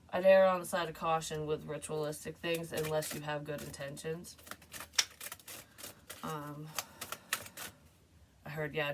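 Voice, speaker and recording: A woman with a low voice chats her way through a tarot reading for her viewers, rambling and laughing along the way. The recording carries a steady, clear hiss of background noise. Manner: rambling, chatty, laughs often. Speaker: tarot reader. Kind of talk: casual tarot reading vlog.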